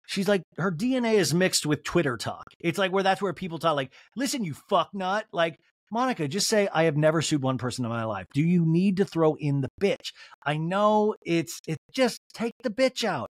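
A man hosting a podcast, giving a chatty, profane recap with animated commentary. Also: sits high, no echo. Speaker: podcast host.

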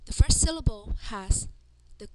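Her voice sits on the high side and has lively intonation as she leads a slow language class. Letters and words get drilled individually, each one enunciated with care. Background noise is noticeable throughout.

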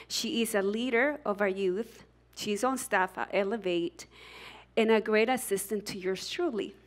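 A woman's voice: mid-range voice, normal speed. Emphatic woman pastor. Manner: warm emphatic build-up introduction. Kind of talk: sermon. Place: church sanctuary.

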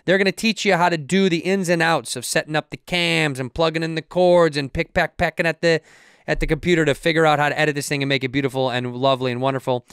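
A man rattles through casual podcast banter at a quick clip, joking and teasing the others. His voice sits a little high. He slips into mock voices for punchlines. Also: fairly even intonation, a bit bright, smooth, no echo, clean studio sound. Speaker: podcast co-host.

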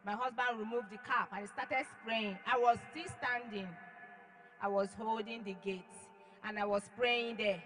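A woman giving an emotional church testimony, dramatic, acting out her own shouts and then dropping to hushed tones. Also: on the high side, fairly even intonation, a little slow, soft background music, low-quality recording. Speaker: testimony giver.

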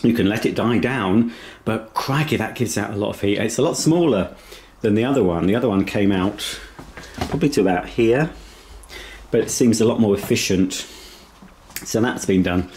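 Rambling man with a low voice. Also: normal speed, a little mellow, slight background noise. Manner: chatty, rambling, talks while eating. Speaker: vlogger. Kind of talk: casual home tour vlog. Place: inside a house.

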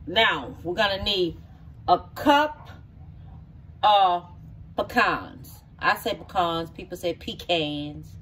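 A woman's voice: medium pitch, distant mic, slight background noise. A middle-aged woman from the country, talking viewers through a recipe in her home kitchen in a homey, folksy way. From rural area. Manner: folksy, talks viewers through each step. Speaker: home cook. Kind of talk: casual cooking demonstration.

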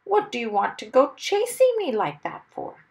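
A woman's voice: on the high side, very animated, takes it slowly, fairly bright tone, pitched above the performer's own voice, full character voice. Mr. Wumble, a woman doing a blustering little man. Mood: cross. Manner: cross, blustering, self-important. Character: small timid man turned blustering adventurer.

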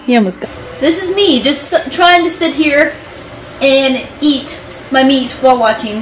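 A woman's voice: sits high, measured pace, a little hiss or hum, rough recording. A woman, chatting casually and playfully through a home vlog while she cooks. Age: 20s. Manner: chatty, playful, teasing her pets. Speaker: lifestyle vlogger.

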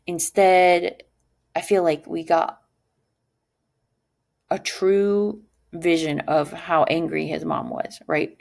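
A woman teacher leads a lesson in a low, somewhat gravelly voice. She talks in an animated way and checks in with her class again and again. When she quotes someone she jumps up in pitch. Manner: animated, asks rhetorical "right?" often; acts out quoted lines with sudden pitch jumps.

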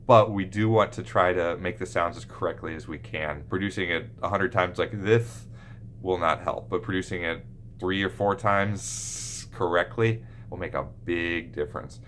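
Speaking to camera, this pediatric speech therapist teaches about speech sounds, using exaggerated examples to show sounds and lisps. He has a deep, slightly bright voice, with a little noise in the background.

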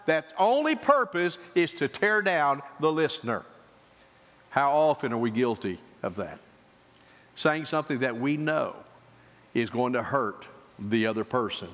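A male pastor preaching a sermon, swinging between emphatic high points and quieter asides. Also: expressive, measured pace. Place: church sanctuary. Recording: church hall reverb.

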